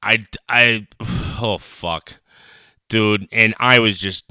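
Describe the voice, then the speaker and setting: A man's voice: on the low side, steady tone, takes it slowly, sharp tone, clear, resonant tone, no room sound, studio quality. A young man hosting his own podcast from his parents' kitchen, rambling and swearing in a heated rant. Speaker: podcast host. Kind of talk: casual solo podcast rant. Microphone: home recorder on a computer.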